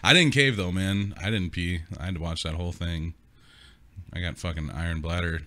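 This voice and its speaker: A man's voice: low voice, normal speed, pushed and bright. A young man co-hosting a podcast, telling rambling stories with frequent laughter and casual swearing. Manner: rambling storyteller who laughs often and swears freely. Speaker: podcast co-host. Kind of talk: casual chat.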